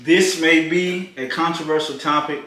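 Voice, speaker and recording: A man's voice: on the high side, normal speed, pushed and bright. A man chatting casually during a mukbang, joking and laughing easily, often restarting his sentences. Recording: very echoey room, faint noise.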